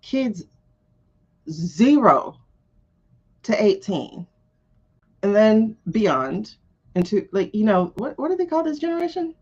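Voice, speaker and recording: Blunt, animated woman tarot streamer. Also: fairly low pitch, dull audio. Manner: blunt and animated, swears freely, laughs often. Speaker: tarot reader hosting a live stream. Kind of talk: casual live-stream chat.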